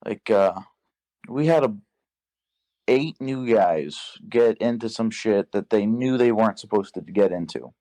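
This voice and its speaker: A young man telling a work story in casual podcast chat, profane and animated, acting out the dialogue. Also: lowish voice, unhurried. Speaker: podcast guest.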